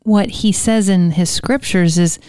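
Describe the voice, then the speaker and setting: A woman's voice: mid-range voice, measured pace, warm tone, smooth, no echo, studio quality. A woman co-hosting a faith talk show, encouraging and quoting scripture.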